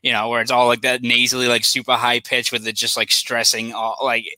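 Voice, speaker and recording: A man's voice: mid-range voice, monotone, a little fast, sharp tone, no room sound, low-quality recording. A young man from South Boston with a Boston accent, a sports reporter chatting casually as a podcast guest, rambling with lots of "like" fillers. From South Boston, USA.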